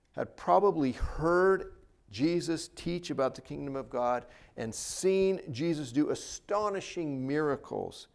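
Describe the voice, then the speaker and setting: Male pastor, slightly higher-pitched voice; earnest sermon delivery with rising and falling emphasis. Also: darkish tone. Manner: earnest preaching, rises and drops for emphasis.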